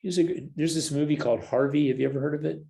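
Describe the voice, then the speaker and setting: Older man telling animated stories. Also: on the high side, fast talker, vocal fry, poor audio. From United States. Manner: animated storyteller who acts out quoted voices. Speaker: guest, counselor and church leader. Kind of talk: casual storytelling conversation.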